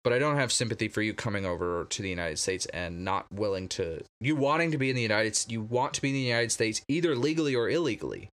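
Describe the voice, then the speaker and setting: A man in a casual two-person chat, talking haltingly with many restarts. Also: lowish voice, animated, a bit bright.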